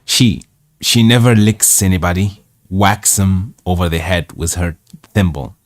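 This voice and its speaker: A man voicing a reluctant young boy carrying water, reading the dialect haltingly. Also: deep voice. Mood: pleading.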